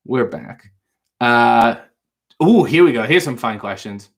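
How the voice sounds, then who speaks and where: A man's voice: mid-range voice, lively intonation, takes it slowly. Wry man hosting a late-night livestream. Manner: dry, wry quips answering viewer questions. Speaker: livestream talk show host reading viewer chat.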